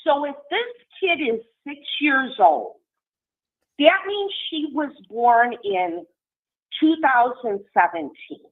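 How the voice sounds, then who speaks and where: A woman's voice: high voice, very animated. A woman calling in to a livestream, carefully working through dates and ages step by step. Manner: deliberate, walks through the numbers step by step. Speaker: caller. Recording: tinny phone-line call.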